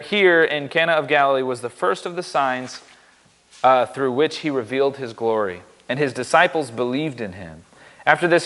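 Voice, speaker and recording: A man's voice: fairly high pitch, a bit bright, in a large hall. A man giving a casual, upbeat sermon in a church, joking and poking fun at himself. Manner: upbeat, joking, self-deprecating. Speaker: pastor.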